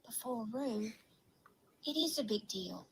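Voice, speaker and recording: Lady doing a whiny kangaroo gal w a fake aussie accent, real slow and draggy. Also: fairly high pitch, animated, creaky, a little hiss or hum, full character voice, low-quality recording. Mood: complaining. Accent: put-on Australian. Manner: slow rambling drawl, complaining. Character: grumbling female kangaroo vlogger.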